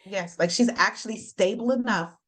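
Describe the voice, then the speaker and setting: A woman's voice: mid-range voice, normal speed, a bit bright. A woman hosting a podcast, chatting casually and backing up her guest with affirming remarks. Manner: supportive, affirming interjections. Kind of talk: casual chat.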